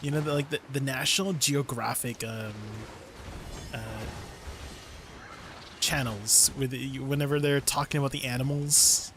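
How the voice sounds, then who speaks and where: A man's voice: medium pitch, fairly even intonation, unhurried, long pauses, a bit bright. A man streaming a game, chatting casually with his viewers and laughing often. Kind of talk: casual live-stream chat. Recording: faint background noise.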